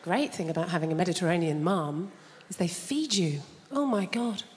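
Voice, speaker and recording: A woman's voice: lowish voice, moderate pace. A woman doing stand-up comedy in a theatre, chatty and teasing the audience. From England. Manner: chatty, teasing the audience, does her mum's voice. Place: large theatre stage. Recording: theatre reverb with loud audience.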